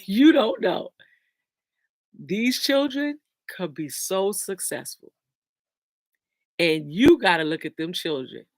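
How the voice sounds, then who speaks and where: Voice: mid-range voice, very animated, slow, no room sound. A host reading out viewer comments and giving casual motivational talk with scripture, repeating key lines with emphasis.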